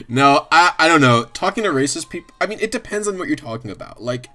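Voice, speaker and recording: A man's voice: fairly high pitch, lively intonation, moderate pace, pushed and bright, soft background music. A man streaming, chatting casually and ramblingly, swearing a lot and often laughing. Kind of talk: casual livestream chat.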